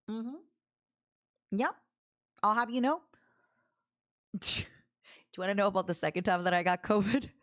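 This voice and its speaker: A woman's voice: on the high side, a bit bright. A woman streamer chatting casually with her viewers, reading their messages aloud and laughing often. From Canada. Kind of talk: casual livestream chat.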